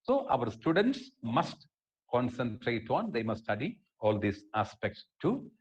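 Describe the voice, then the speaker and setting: A man's voice: medium pitch, sing-song, unhurried, a little mellow, breathy edge. A middle-aged man with an Indian English accent, giving an emphatic webinar talk on education policy and repeating key phrases. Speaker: webinar speaker. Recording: dull lo-fi webinar audio.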